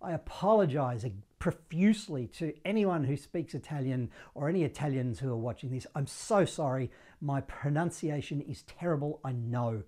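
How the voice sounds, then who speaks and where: A man's voice: a little high, moderate pace. Jokey Australian sax teacher, man. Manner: jokey, animated, self-deprecating. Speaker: saxophone teacher. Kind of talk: upbeat online music lesson.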